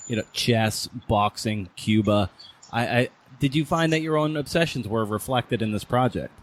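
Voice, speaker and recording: Halting male podcast host. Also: medium pitch, animated, a little hiss or hum. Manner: halting, restarts his questions. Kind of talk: interview questions.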